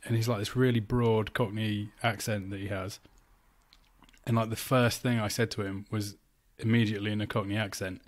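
Brief: low-pitched Yorkshire-raised man, jokey storyteller, relaxed home chat. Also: moderate pace. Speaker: guest composer. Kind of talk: casual chat. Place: home flat.

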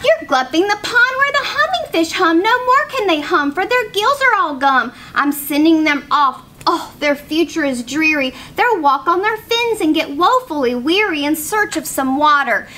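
A woman voicing a small grumpy male forest creature who scolds in a high, snappish voice for a storybook read-aloud. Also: expressive, normal speed, hardly any pauses, pushed and bright, heavily acted. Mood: scolding.

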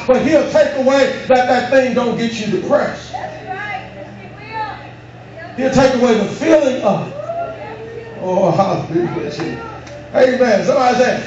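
A male pastor preaching a fervent sermon, rising into drawn-out shouts and calling on the congregation to answer. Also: very high voice. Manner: calls on the congregation for responses. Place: church sanctuary. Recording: echoey, dull room recording from far off with background noise.

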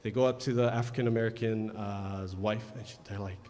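A man's voice: on the low side, steady tone, a little fast. A man emceeing a live pageant, making announcements and telling a long joke to the audience over a microphone. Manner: chatty, storytelling, loud announcements. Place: large indoor event hall. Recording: long reverb in a large hall.

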